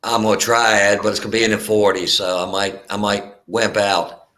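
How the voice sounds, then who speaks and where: A man's voice: on the low side, steady tone, a little fast, pushed and bright. A man joining a live stream chat as a guest, friendly, calling people buddy and brother. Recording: echoey room with faint noise.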